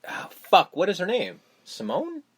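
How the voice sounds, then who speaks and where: A man co-hosting a casual podcast, recapping a film, swearing freely and acting out scenes in quick put-on voices. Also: sits high, huge pitch swings, a crowd in the background. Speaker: podcast co-host.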